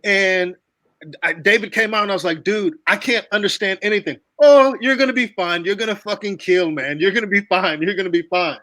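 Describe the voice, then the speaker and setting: A man from the United States hosting a casual video call chat, telling animated stories with swearing and frequent laughs. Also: high voice, brisk, no room sound, rough recording. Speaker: host.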